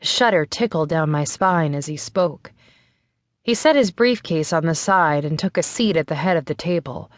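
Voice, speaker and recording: Low-voiced woman narrating an audiobook. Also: moderate pace. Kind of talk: first-person scripted narration.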